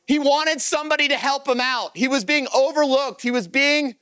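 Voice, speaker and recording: A pastor preaching a lively sermon to his congregation, reading scripture aloud and acting out the story. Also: very high voice, normal speed, no room sound. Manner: animated, energetic preaching to a congregation. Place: church service.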